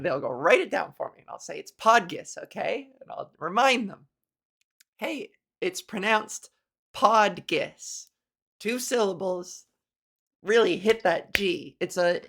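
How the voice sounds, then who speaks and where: Slow, gravelly-voiced woman podcast host. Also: fairly low pitch, fairly bright tone. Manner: playful, rambling, crude jokes. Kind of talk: casual comedic monologue.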